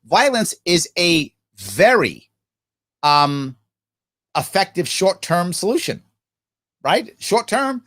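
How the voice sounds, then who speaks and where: Speaking slowly, a middle-aged male host reads viewer questions aloud on a live Q&A stream and answers them with real passion. His high voice swings widely in pitch and carries a fairly bright tone.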